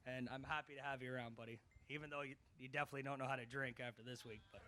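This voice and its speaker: A man, the bride's brother, giving a heartfelt wedding toast with some teasing, getting loud when addressing the couple by name. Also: medium pitch, a little hiss or hum. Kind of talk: wedding speech. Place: wedding reception.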